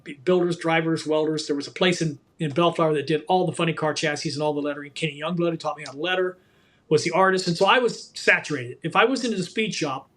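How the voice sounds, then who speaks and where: A man in his sixties, a guest in a conversation, telling animated anecdotes and acting out the quotes. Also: on the high side. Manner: animated, quick storyteller who acts out quotes.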